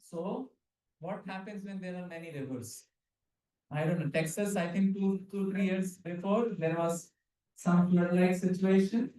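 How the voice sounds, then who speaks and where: A preacher gives a devotional lecture in a very echoey hall, off-mic and recorded from a distance. His voice is high and mellow with fairly even intonation and a measured pace. He explains by putting questions to his audience and sings Hindi verses in between.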